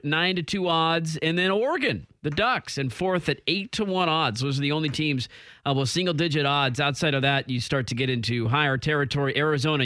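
A man hosting sports radio, moving quickly through listener texts and betting odds with joking banter. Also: on the high side, bright, forceful tone, no room sound, studio quality. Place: radio studio. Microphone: studio mic.

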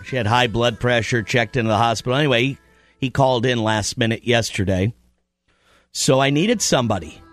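A man who serves as a radio program director explains things on air, stopping often with "uh". His voice sits in an ordinary middle pitch. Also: no room sound, faint music behind. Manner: halting, lots of "uh".

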